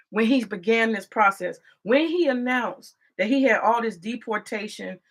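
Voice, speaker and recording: A woman's voice: mid-range voice, creaky, sharp tone. A woman from the United States giving profane, confrontational vlog commentary in a preachy manner.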